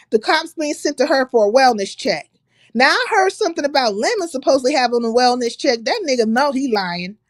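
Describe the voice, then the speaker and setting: Woman, high voice, livestream host, blunt, profane, sarcastic, dry close sound. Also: darkish tone, dry recording. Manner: blunt, profane, sarcastic, reads quotes aloud and rebuts them. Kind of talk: casual commentary reacting to another creator.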